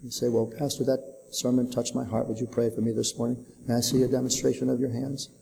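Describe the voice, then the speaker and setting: A man's voice: little pitch movement, quick pace, vocal fry, dark tone, big-room sound, a little hiss or hum, rough recording. A male pastor delivering a sermon, telling a dramatic story and acting out the voices of the people in it. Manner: dramatic storytelling, voicing characters with raised pitch. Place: church sanctuary.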